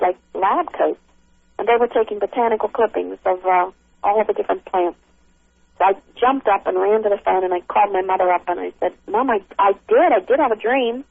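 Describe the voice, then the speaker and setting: A middle-aged woman tells a frightening encounter over a tinny phone line, her voice gravelly and her speech halting, full of restarts. The line sounds dry and close. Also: mid-range voice, dry recording. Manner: halting, with many restarts and fillers. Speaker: caller recounting an encounter. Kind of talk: emotional first-person account.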